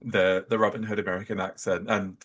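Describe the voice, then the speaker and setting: A man's voice: low voice, level tone, brisk, a bit bright. Amused male podcast guest, hesitant. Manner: amused, recalls things with hesitant ums. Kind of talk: casual chat.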